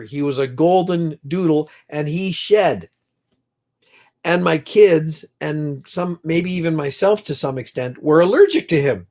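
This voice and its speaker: Livestream host, middle-aged man, rambling and heartfelt, slightly high voice with an unhurried delivery. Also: darkish tone. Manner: slow, rambling, emotional, prays aloud with viewers. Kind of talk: casual live chat reading comments.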